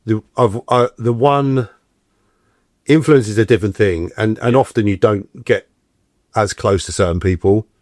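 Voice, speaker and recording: His voice on the low side and his speed normal, the middle-aged actor guest spins stories in a casual interview. Animated throughout, he acts out the voices he's quoting. The studio sound is clean, with no room sound.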